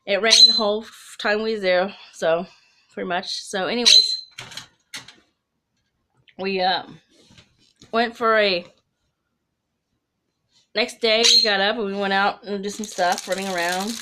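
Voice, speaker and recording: A woman's voice: mid-range voice, fairly even intonation, a little slow, pauses often, heavy background noise. A woman telling her own ghost story to camera in a casual, chatty way, rambling with asides and restarts. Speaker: storyteller of personal ghost stories.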